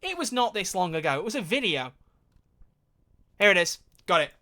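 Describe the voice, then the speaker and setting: A man streaming live, talking in casual commentary with animated, rambling energy and frequent swearing. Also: high-pitched, moderate pace.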